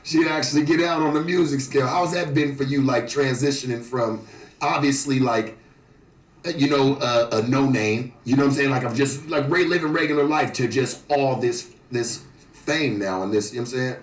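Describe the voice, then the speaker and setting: A man's voice: mid-range voice, normal speed, recorded from a distance. A man interviewing guests on a podcast, laid-back and rambling with lots of fillers. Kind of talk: casual interview. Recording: echoey studio, away from mic.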